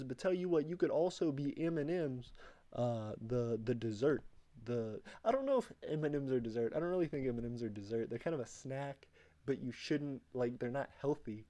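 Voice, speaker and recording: A man's voice: medium pitch, normal speed, mellow. A young man hosting a casual livestream, greeting viewers from chat and rambling with lots of fillers. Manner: rambling, reads chat aloud, many fillers. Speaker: livestream host.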